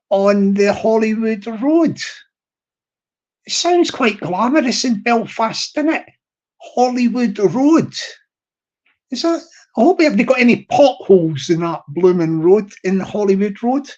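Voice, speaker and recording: A man's voice: very high voice, highs cut off. Rambling, teasing male streamer. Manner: rambling, teasing, restarts and repeats himself. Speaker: live streamer. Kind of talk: rambling casual chat to a live audience.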